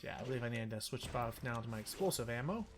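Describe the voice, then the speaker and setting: A man's voice: medium pitch, expressive, faint music behind. Rambling man commentating a game. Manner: rambling, quick asides, laughs at himself. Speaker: let's-play commentator. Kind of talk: casual gameplay commentary.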